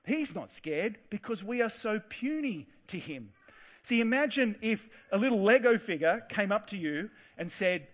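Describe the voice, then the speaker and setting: A man giving a lively Bible talk for children, asking his listeners lots of questions. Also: sits high, normal speed.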